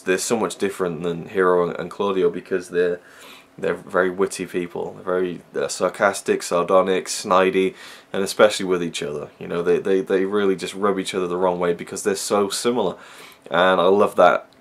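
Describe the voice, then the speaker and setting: A man's voice: low-pitched, little pitch movement, brisk, few pauses. A man giving a casual, rambling film review, full of fillers and restarts.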